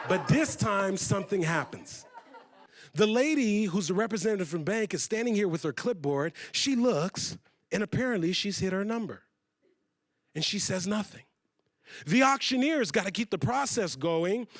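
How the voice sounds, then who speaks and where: A man giving a storytelling keynote talk to a conference audience, building dramatically to loud emphasis. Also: very high voice, expressive, a little fast. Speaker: motivational speaker. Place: conference hall with live audience.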